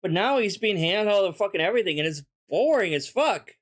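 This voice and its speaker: A man's voice: sits high, expressive, fairly quick. A man giving profane, dismissive reaction commentary on a stream.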